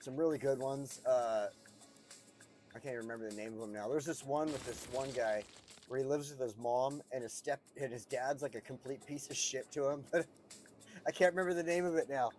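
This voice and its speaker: Here the same kind of casual gameplay talk comes from a US man playing a city-building game: profane, meandering and full of chuckles. His voice is mid-range, brisk and darkish, over faint background music.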